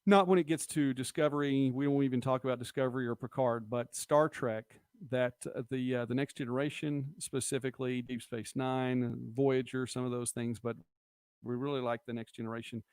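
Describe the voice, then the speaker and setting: A man's voice: medium pitch, steady tone, brisk, darkish tone, clean tone, dry recording. A middle-aged man chats his way through viewer comments on a live-stream, rambling and easygoing. His voice sits in the middle range and is recorded close up with no room sound at all. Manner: chatty, rambling, quotes movie lines. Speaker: host of a local live-stream show.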